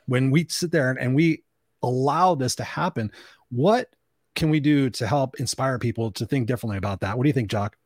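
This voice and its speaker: A man hosting a podcast, asking questions in an earnest, energetic way. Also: medium pitch, brisk, no room sound, clean studio sound. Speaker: podcast host. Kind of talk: casual podcast talk.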